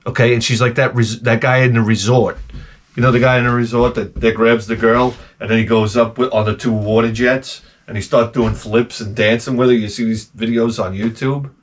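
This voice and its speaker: A man's voice: medium pitch, fairly quick. A man giving a profane, rambling comic rant to camera. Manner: profane, animated, jumps between tangents. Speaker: vlogger.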